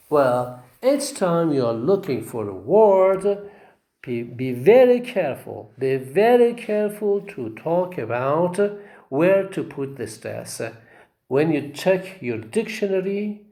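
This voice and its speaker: A man's voice: medium pitch, vocal fry, darkish tone. A man teaching phonetics in a recorded lecture, repeating himself for emphasis and often checking with "okay?". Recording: echoey room.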